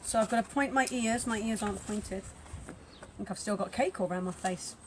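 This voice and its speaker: Chatty and playful, a Welsh woman runs a church craft session, laughing at herself while she demonstrates. She speaks fairly quickly in a mid-range voice. Hammering clatters behind her in the noisy room.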